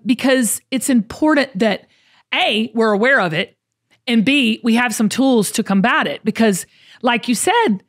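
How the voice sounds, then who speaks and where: A middle-aged woman, hosting a casual podcast in a folksy, emphatic way, often repeating herself. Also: a little high. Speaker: podcast host.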